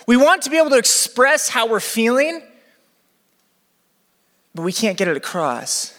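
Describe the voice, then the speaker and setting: High, bright-voiced young male pastor. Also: normal speed. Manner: energetic, chatty, acts out quotes. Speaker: campus pastor. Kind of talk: sermon to a live audience. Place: church venue with balcony. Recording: long hall reverb.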